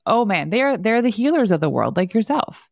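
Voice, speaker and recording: A woman's voice: mid-range voice, sing-song, moderate pace, creaky, no echo, studio quality. A woman podcast host telling stories in a chatty way and laughing often. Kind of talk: casual conversation.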